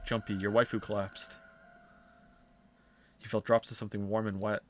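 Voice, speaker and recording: A man's voice: lowish voice, flat delivery, normal speed, soft background music. Sarcastic male streamer reading a game. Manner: reads the text, breaks off into wry sarcastic asides. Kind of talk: reading a visual novel aloud with commentary.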